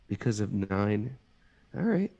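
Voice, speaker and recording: A man with a gravelly, creaky voice reads scripture aloud in a casual podcast. He pauses to ask questions about what he reads. The sound is dry and close, with no room echo. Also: on the low side, big pitch swings, dark tone, highs cut off. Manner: breaks off reading to ask puzzled questions. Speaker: reader and co-host.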